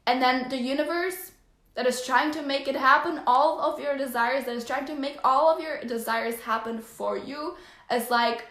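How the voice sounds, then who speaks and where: A woman's voice: high voice, fairly bright tone. Gushing, effusive woman in an echoey room. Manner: gushing and effusive, quick to tears. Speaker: life coach host. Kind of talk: motivational live-stream talk.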